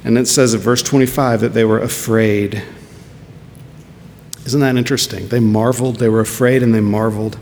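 A male pastor preaches in an earnest sermon voice, pressing his listeners with rhetorical questions. His mid-pitched voice has a gravelly edge. It rings with a long hall reverb over a faint low rumble. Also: steady tone, moderate pace, a little mellow.

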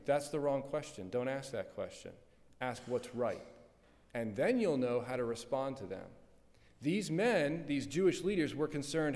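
A man's voice: medium pitch, very animated, unhurried, darkish tone. A pastor preaching a sermon, pressing his point with rhetorical questions and repeated words. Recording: long hall reverb.

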